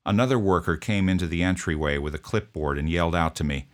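A man narrating a first-person account of an emergency call, in a steady, measured telling. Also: deep voice. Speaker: first responder recounting a call.

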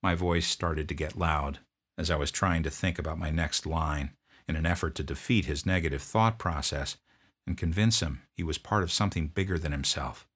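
A man who served as a drill sergeant, telling a story from his service in a gruff, blunt way. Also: extremely low pitch, normal speed, a bit bright. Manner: gruff, barking commands when quoting himself. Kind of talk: storytelling narration.

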